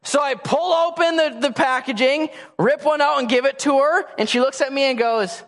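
A man's voice: extremely high pitch, moderate pace, fairly bright tone. A pastor in his thirties preaching a sermon to a congregation, telling family stories in a playful, self-mocking way and acting out his children's demands. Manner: acts out a baby's and a toddler's demands. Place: church hall before a congregation. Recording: long church hall reverb.

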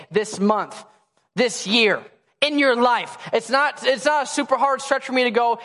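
A pastor in his thirties speaks in a very high-pitched, slightly bright man's voice while preaching to a congregation in a church hall with long reverb. Playful and self-mocking, he shares family stories and acts out the demands of his baby and toddler.

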